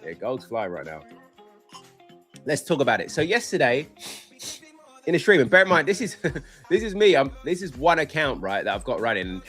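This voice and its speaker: Rambling, excitable male trading streamer. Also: medium pitch, moderate pace, pauses often, faint music behind. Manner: rambling and excitable, bursts of laughter. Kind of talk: live trading stream chat.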